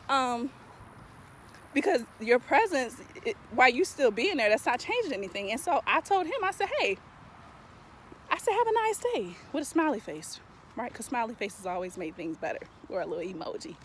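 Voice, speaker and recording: A woman vlogging outdoors in a park, telling her story with animated emphasis, a little out of breath as she walks. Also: fairly high pitch, brisk, a little hiss or hum. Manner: animated, emphatic storytelling, addresses viewers as y'all. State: slightly out of breath while walking. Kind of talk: casual talking-head vlog.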